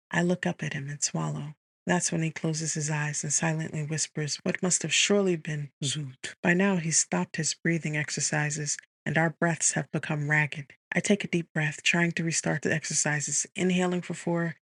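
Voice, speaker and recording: A woman reading a first-person romance audiobook in a hushed, intimate, tense voice on a close studio mic. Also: sits low, gravelly, slightly rough, no room sound. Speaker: audiobook narrator. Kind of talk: first-person scripted narration.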